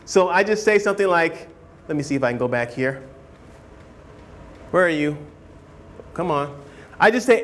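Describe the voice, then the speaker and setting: A man teaching a writing class, animated, often asking students whether they follow and acting out hedging speakers. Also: moderate pace, long pauses. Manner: animated, keeps checking understanding with questions; acts out hedging speakers in a higher voice. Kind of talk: classroom lecture.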